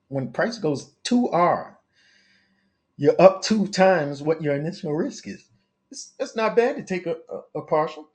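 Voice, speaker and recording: A man teaching forex trading on a live stream, thinking aloud over his charts with many restarts and coaching his viewers directly. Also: a little high. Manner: coaching, talks straight to viewers. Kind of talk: live market analysis stream.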